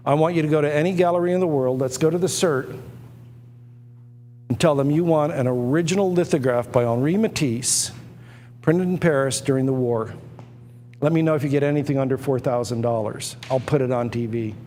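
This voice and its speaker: A man running a live auction stream, pitching hard with emphatic, repetitive, excitable patter. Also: brisk, in a large hall, a little hiss or hum.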